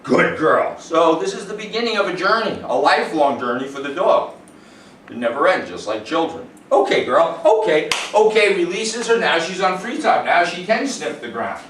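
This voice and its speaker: A man working as a dog trainer, explaining calmly to the owners and giving a dog short, upbeat praise during a demonstration. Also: fairly high pitch, normal speed. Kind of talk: instructional demonstration. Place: indoors in a home. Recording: roomy, distant sound with faint noise.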